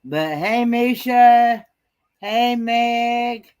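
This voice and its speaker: Slow-talking live-stream host greeting viewers. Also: mid-range voice, a little mellow, smooth. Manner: greets viewers by name, hesitant with fillers. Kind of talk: casual live-stream chat.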